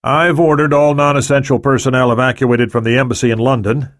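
A man's voice: mid-range voice, little pitch movement, fairly quick, no echo, clean studio sound, pitched above the performer's own voice, close to an everyday voice. A man voicing a concerned male president in an audiobook.

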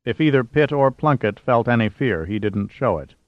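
A man reading an audiobook in a measured, steady narration. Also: medium pitch, dry recording. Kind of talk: scripted narration. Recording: dull dry lo-fi audio.

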